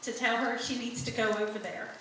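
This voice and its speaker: A woman's voice: fairly high pitch, flat delivery, fairly quick, background noise. A middle-aged woman giving an earnest church testimony, speaking straight to the congregation. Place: church sanctuary. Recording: echoey sanctuary from far off.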